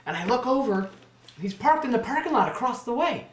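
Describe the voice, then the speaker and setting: A man's voice: high voice, fast talker. Profane young man telling a story. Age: 20s. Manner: animated, profane, acts out other people's lines. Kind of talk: casual storytelling. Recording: echoey room.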